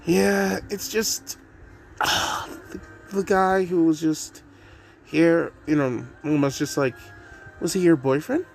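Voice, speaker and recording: A man's voice: a little high, slow, gravelly, soft background music, pitched above the performer's own voice. A man voicing a hot-tempered teenage girl hero who stammers and swears at herself. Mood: awkward.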